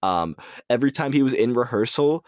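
A man's voice: medium pitch, animated, fairly quick, no room sound, studio quality. A man co-hosting a podcast, relaying movie news in casual chat, hesitant with lots of ums and restarts. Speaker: podcast co-host.

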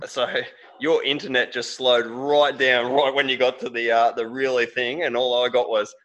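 A man's voice: medium pitch, level tone, normal speed, fairly bright tone, dull audio, faint music behind. An Australian man hosting a casual interview, chatty, starting over a lot and saying mate. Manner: chatty, repeats words, says mate. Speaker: podcast host.

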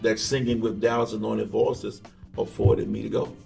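With a lowish, gravelly voice edged with fry, a man appearing as an evangelist on an interview recounts his life at normal speed, casual and relaxed, acting out quoted voices. The distant mic catches an echoey room and faint soft music beneath him.

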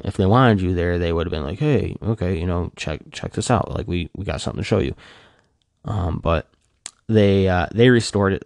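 A man chatting casually and rambling, full of fillers and restarts, his voice jumping up when he gets excited. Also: sits low, no echo, clean studio sound. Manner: animated fan gushing, voice jumps up when excited. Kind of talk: casual chat.

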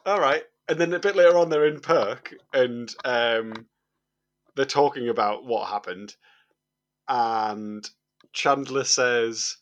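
A man's voice: medium pitch, slow. Wry man in casual chat. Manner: dry, wry, laughs at his own points. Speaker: podcast co-host.

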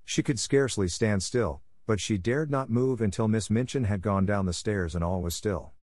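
A man reading a classic novel aloud in steady, measured audiobook narration. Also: fairly low pitch, dry recording, studio quality.

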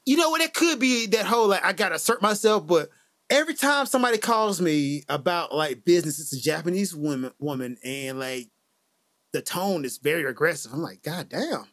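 Podcast host, a man: animated storyteller, bright, lively voice, dry close sound. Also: fairly high pitch, fairly quick, dry recording. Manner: animated storyteller, acts out quotes, laughs often. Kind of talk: casual chat. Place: lives in Japan.

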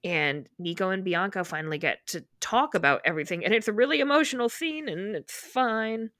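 A woman's voice: on the low side, fairly bright tone, no room sound, clean studio sound. A woman co-hosting a book podcast, retelling scenes in casual chat with quoted dialogue and open emotion. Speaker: podcast co-host.

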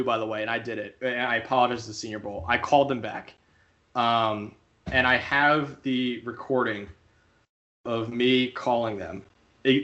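Young man telling a story. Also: mid-range voice. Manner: animated, acts out quoted voices. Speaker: podcast co-host. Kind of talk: casual storytelling.

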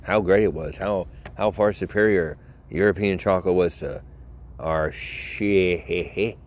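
Young guy with a real low voice, joking around, rambling and cutting himself off a lot. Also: measured pace. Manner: animated, joking, self-interrupting storyteller. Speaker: podcast host. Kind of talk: casual rambling monologue.

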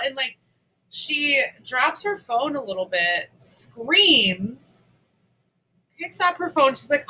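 A woman in casual podcast chat, telling an animated story and acting out the voices of the people in it. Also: high-pitched, measured pace, distant mic, low-quality recording.

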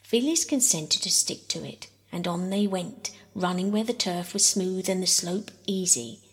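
A woman reading a classic children's story aloud as a soft bedtime audiobook, often half-whispering. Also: lowish voice, expressive, a little slow, slightly rough. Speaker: audiobook narrator.

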